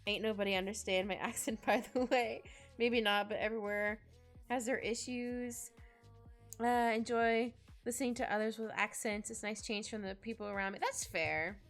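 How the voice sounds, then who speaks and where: A woman's voice: fairly even intonation, moderate pace, faint music behind. A young Canadian woman chatting casually with viewers while drawing on a livestream, rambling with many fillers. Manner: rambling, chatty, lots of fillers, acts out quotes in squeaky voices. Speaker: streamer.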